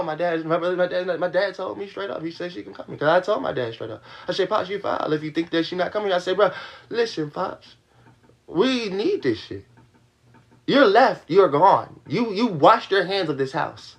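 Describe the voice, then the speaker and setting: Still ranting at his stream viewers, the young man swears heatedly and circles back to the same points. Here his high voice turns gravelly and animated, though the pace stays moderate.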